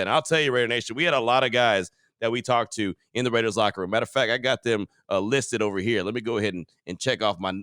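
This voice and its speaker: A man's voice: mid-range voice, clear, resonant tone, dry recording, clean studio sound. A man hosting a sports podcast, talking casually and with energy to fans. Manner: energetic, casual fan-to-fan delivery. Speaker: podcast host. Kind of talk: sports podcast talk and read sponsor ad.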